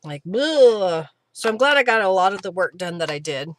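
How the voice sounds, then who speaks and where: A woman's voice: mid-range voice, big pitch swings, moderate pace. A middle-aged woman, chatting casually and answering viewer comments as she works on a craft live stream. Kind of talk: casual chat while crafting.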